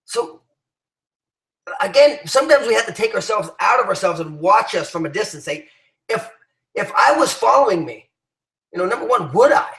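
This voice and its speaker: A man's voice: high voice, big pitch swings, normal speed, gravelly, pauses often, a bit bright, roomy sound, poor audio. A man giving an emphatic motivational talk to his team, rallying them with many restarts and fillers. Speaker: business leader addressing his team.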